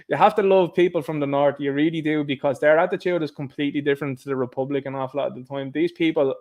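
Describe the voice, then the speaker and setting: A man with an Irish accent giving a casual political monologue, sarcastic and animated, laughing at his own jokes. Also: a little high, fast talker. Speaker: political commentator.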